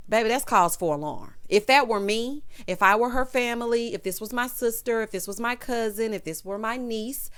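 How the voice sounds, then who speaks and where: A young adult woman, host of a casual reality show recap, talking in a sassy, animated way and calling her listeners honey and child. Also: medium pitch.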